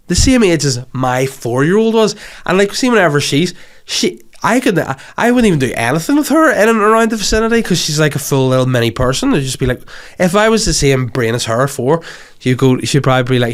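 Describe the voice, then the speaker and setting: A Northern Irish comedian in his thirties hosts his own podcast. He spins long, animated stories peppered with swearing. His voice sits in an ordinary middle register. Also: mid-range voice, brisk. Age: 30s. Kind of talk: comic storytelling monologue.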